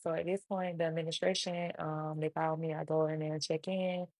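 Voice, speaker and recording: A woman casually retelling a personal story in an animated way, acting out other people's lines. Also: deep voice, brisk, no echo. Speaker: storytime vlogger.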